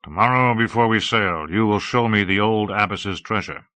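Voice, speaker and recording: A man doing a forceful Norse raider chief. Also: fairly low pitch, moderate pace, no echo. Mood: commanding. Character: bold male Norse raider chief, gruff.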